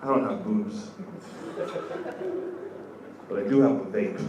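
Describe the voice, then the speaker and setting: A young man doing a stand-up comedy set on a club stage, telling loose stories full of "like" fillers and getting loud on the punchlines. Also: on the low side, slow pace, highs cut off. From Kenya. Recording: echoey club audio from far off, with room noise.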